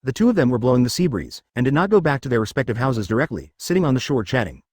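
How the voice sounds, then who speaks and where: Lively male audiobook narrator. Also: mid-range voice, quick pace, dry recording, clean studio sound.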